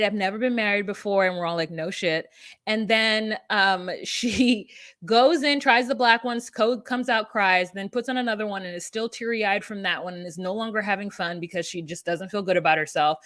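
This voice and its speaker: A woman's voice: medium pitch, moderate pace, fairly bright tone, dry recording, studio quality. A woman co-hosting a podcast, recapping a reality show in casual chat with blunt, sarcastic, freely swearing remarks. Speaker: podcast co-host.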